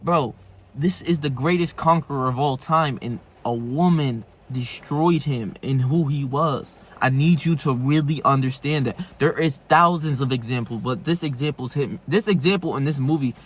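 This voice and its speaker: A young man telling a story in a casual monologue, slangy and animated, filling his talk with "like" and "right?" and acting out quoted lines with jumps in pitch. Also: normal speed, husky.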